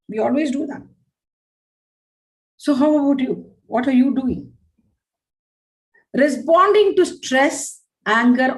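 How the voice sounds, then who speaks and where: Animated woman speaker. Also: on the high side, rough recording. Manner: animated, acts out scolding parents in quick asides; repetitive, emphatic phrasing. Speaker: parenting workshop speaker. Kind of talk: workshop talk to parents.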